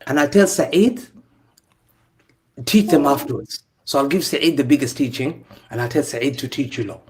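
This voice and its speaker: A man trading heated football banter, his mockery full of taunts he repeats again and again. His voice sits at an ordinary male pitch. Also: lively intonation, moderate pace, a little mellow. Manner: mocking, repetitive taunting. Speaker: panelist.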